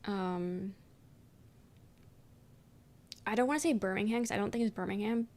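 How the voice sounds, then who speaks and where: Speaking fast in a medium-pitched, slightly mellow voice, a young adult woman streams and chats casually with viewers. She reads their messages aloud and rambles, leaning heavily on "um" and "like" and swearing offhandedly.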